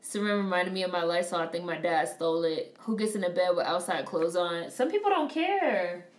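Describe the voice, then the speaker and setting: A woman on a casual live stream who reads viewer comments aloud and reacts to a film in a blunt, profane, animated way. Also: on the low side, fairly quick, far from the mic. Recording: roomy, off-mic sound.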